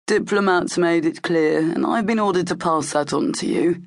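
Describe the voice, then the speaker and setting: A woman's voice: on the low side, normal speed, dry recording, studio quality, close to an everyday voice. A woman doing a stern male guard captain.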